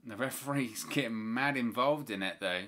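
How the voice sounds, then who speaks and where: A man's voice: mid-range voice, normal speed, sharp tone. A man hosting a live watch-along, giving play-by-play wrestling commentary with opinionated, exasperated asides.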